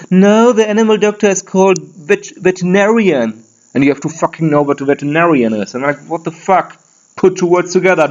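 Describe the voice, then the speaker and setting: A man's voice: a little high, muffled recording, close to an everyday voice. A man voicing a crude, opinionated German man with a put-on German accent in an unscripted comic rant, profane and rambling with frequent restarts. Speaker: podcast host.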